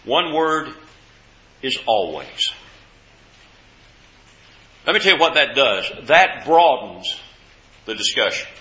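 A man preaching a sermon with folksy stories, repeating words and swinging between loud and hushed delivery. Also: medium pitch, expressive, slow pace, pauses often. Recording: echoey hall, dull lo-fi sound.

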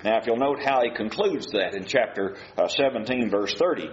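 Here a man delivers a sermon, reading from scripture and asking his congregation rhetorical questions. His mid-range voice is expressive and moves at normal speed, captured in a muffled, roomy recording with faint hiss.

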